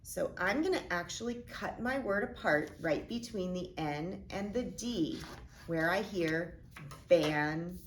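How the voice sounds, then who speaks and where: A woman teacher modeling a phonics lesson, speaking slowly and deliberately as she sounds out each part of a word. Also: medium pitch, animated, slight background noise. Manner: slow, deliberate, sounding out words.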